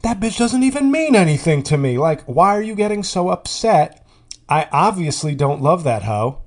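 A man putting on the voice of a brash neighbor who dismisses his own cheating, loud and indignant. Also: fairly high pitch, very animated, normal speed, voice pushed up.

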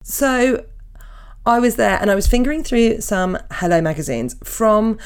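A woman chatting as a podcast co-host, giggly and playful. Her pitch is lively and swoops around, and she tends to ramble and backtrack mid-sentence. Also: unhurried, clean tone. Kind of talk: casual chat.

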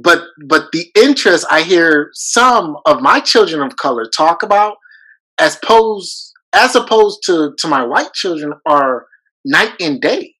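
A man co-hosting a podcast, talking through classroom ideas in an earnest, casual way. His voice is bright and forward. He often breaks off and restarts mid-thought as he works out what to say. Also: fairly high pitch, expressive, measured pace, rough recording. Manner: earnest, thinks aloud with restarts. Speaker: podcast co-host, teacher. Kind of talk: casual conversation.

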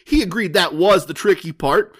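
An older man hosts his own podcast and tells a casino story in a dry, wry way. His voice sits slightly higher than most men's. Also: moderate pace, a bit bright. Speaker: podcast host.

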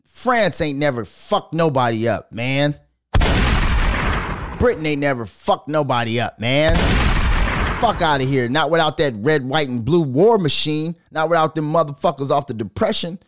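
A man from Minnesota hosting his own podcast, talking casually, swearing a lot and riffing into animated rants. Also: on the high side, moderate pace, dry recording, clean studio sound. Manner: profane, animated, riffing and ranting. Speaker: podcast host. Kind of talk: casual solo podcast rant.

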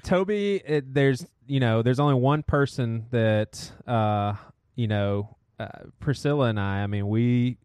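A man's voice: mid-range voice, measured pace, a little mellow, clean tone, dry recording. Man steering a podcast chat. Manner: keeps steering talk back to his checklist. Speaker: podcast co-host. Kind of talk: casual chat.

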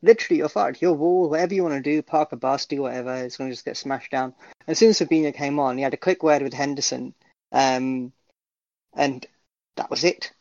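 A man co-hosting a football podcast, talking in an animated, jokey way and swearing freely. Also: medium pitch, fairly quick, no room sound. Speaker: podcast co-host. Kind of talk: casual football call-in chat. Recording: dull dry podcast audio.

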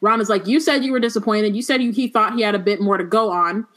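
A woman reading a novel aloud and breaking off to chat about it with friends, slangy and relaxed. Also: medium pitch, fast talker. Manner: reads passages then riffs with slang. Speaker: podcast host reading a book aloud.

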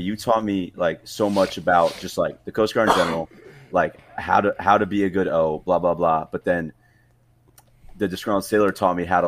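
A young man in his twenties, a coast guard officer and podcast guest, talking in a hesitant, filler-heavy, profane way. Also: deep voice. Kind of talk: casual chat.

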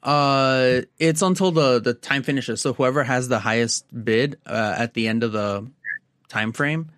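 A man's voice: medium pitch, a little slow, fairly bright tone, dry recording, studio quality. A man in a casual podcast chat, rambling with lots of fillers and some cursing. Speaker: podcast co-host.

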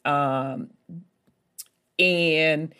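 A woman vlogger tells a long travel story to her viewers at an unhurried, drawn-out pace. Her voice sits a little low, and her talk is folksy and rambling, with endearments and side remarks all through it. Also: fairly even intonation, pushed and bright, clear, resonant tone. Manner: chatty and folksy, with endearments like baby and honey; rambling, with many fillers and asides.

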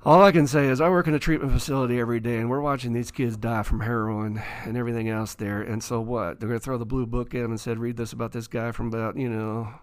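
Animated man telling a story. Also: medium pitch, quick pace, few pauses, clean tone. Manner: animated, acts out quoted dialogue. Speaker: author and guest. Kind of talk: casual interview storytelling. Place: studio.

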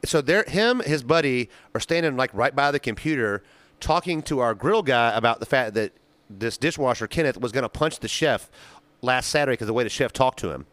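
A young man tells a story at a quick clip, swearing freely and playing out every line he quotes. His voice swings high and low with energy. The close mic sounds dry and direct, with no room around it. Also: dry recording. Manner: profane, animated storytelling with acted-out quotes. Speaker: podcast co-host. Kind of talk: casual storytelling chat.

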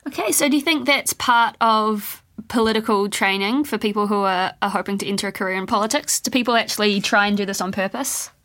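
A woman hosts a radio interview and puts curious, friendly questions to her guest. Her voice sits at a middling pitch. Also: a little fast, hardly any pauses, a bit bright.

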